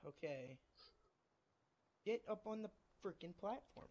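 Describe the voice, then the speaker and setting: A man's voice: high voice, expressive, measured pace, darkish tone. A man playing a game with a friend, groaning and putting himself down between teasing jokes. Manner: groaning, self-deprecating, teasing. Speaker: co-player. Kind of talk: casual gameplay banter.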